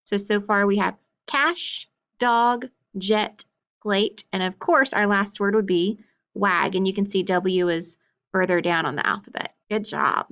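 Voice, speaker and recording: A woman teacher leading a phonics lesson for young learners, clearly sounding out words and letters. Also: mid-range voice, a little slow, a bit bright, dull audio.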